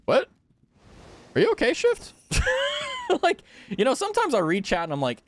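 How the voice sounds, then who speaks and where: A man live-streaming a video game, chatting with viewers in a rambling, excitable way, laughing often and swearing casually. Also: high-pitched, normal speed, pauses often. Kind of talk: casual live gameplay chat.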